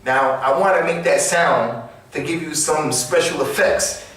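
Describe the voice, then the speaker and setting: A man's voice: on the high side, measured pace, fairly bright tone. Echoey man preaching emphatically. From United States. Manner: emphatic, repeats key phrases. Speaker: Islamic lecturer. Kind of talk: sermon. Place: small mosque. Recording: echoey room, distant mic.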